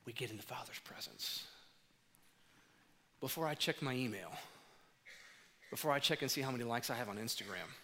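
Bright-voiced preacher in a reverberant hall. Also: male voice, medium pitch, a little fast, long pauses, slight background noise. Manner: animated, acts out dialogue in storytelling. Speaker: pastor. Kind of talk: sermon.

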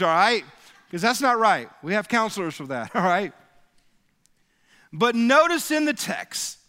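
A man's voice: sits high, bright, forceful tone. A man preaching a sermon as pastor, building to emphatic peaks and calling on the congregation to answer back. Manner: call-and-response preaching, rising to emphatic peaks. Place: church sanctuary. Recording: reverberant hall.

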